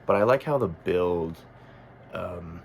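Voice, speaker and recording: A man's voice: deep voice, animated, slow, gravelly, a little hiss or hum. A man talking casually as a music critic, thinking aloud with frequent ums and self-corrections. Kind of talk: casual album review monologue.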